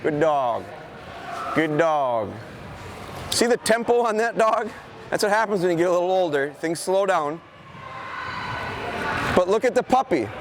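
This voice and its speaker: A man's voice: high voice, normal speed, long pauses, noisy background. A man who trains gun dogs, talking students through a live demonstration in a school gym and breaking off for short commands to the dog. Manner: conversational, explaining while giving short dog commands.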